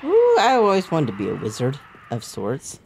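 A woman co-hosting a gaming video with her son, making dry, gently teasing remarks. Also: low voice, huge pitch swings, moderate pace, gravelly, heavy background noise. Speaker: gaming channel co-host, the player's mother. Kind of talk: casual let's-play chat.

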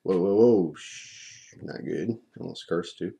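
Man, low and mellow, casual rambling hot sauce reviewer, mouth on fire. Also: moderate pace, creaky. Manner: relaxed, chatty, rambling with restarts. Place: at home at his desk.

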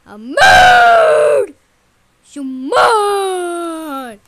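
A woman's voice: very high voice, wildly swooping pitch, extremely slow, bright, forceful tone, exaggerated voice. A woman voicing a furious cartoon girl throwing a tantrum, shrieking and repeating herself over and over. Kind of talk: gacha role-play voice acting.

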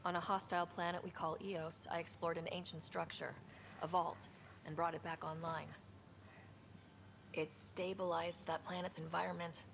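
An actress playing a bold young female space explorer in a video game, speaking in an earnest, steady way. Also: lowish voice, normal speed, creaky, slight background noise. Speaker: game protagonist.

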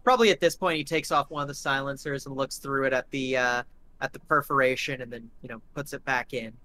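A man's voice: mid-range voice, fast, sharp tone, a little hiss or hum. A man narrating a live tabletop game as game master, rambling with lots of fillers.

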